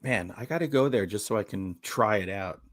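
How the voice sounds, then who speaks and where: A man's voice: on the low side, brisk. A middle-aged man hosting a horror podcast, chatting casually with a jokey, playful manner. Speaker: podcast host. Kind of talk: casual chat.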